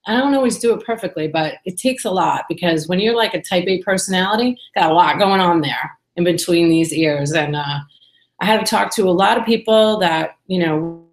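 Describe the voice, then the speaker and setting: A woman's voice: fairly low pitch, brisk, roomy sound. A woman talking candidly to the camera in a casual personal vlog, rambling and chatty with lots of fillers. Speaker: vlogger.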